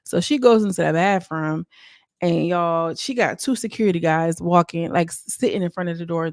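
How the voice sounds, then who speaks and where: A young woman with a lowish voice recaps a reality TV episode in chatty, slang-heavy style, acting out what the cast said. The studio sound is clean, with no echo.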